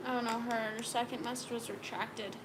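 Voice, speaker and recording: A woman's voice: on the high side, steady tone, moderate pace, background noise. Sleepy chatty young woman. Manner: chatty, sleepy, reading viewer comments aloud. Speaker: co-host of a live stream. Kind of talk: casual live stream chat.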